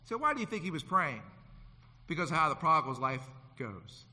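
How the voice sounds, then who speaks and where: A man preaching a sermon, swinging from loud to hushed and acting out the people in his stories. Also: fairly high pitch, big pitch swings, brisk. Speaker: pastor. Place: church sanctuary. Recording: long hall reverb.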